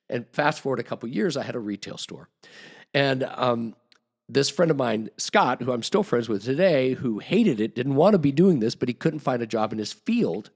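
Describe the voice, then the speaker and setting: A man's voice: mid-range voice, vocal fry. A man guest on a podcast, telling a long, rambling story with restarts and acted-out quotes. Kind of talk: casual storytelling.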